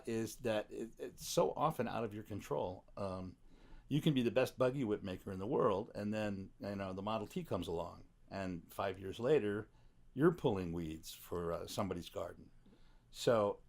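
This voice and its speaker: A man's voice: lowish voice, creaky, a little mellow. A man speaking as a podcast guest in a studio back room, reflective and wry, with a teasing humor. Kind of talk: casual conversation.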